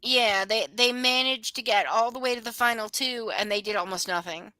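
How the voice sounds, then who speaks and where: A woman co-hosts a casual chat with a bright, fairly high voice. She is blunt and opinionated. The sound is dry and close. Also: moderate pace, no echo, rough recording.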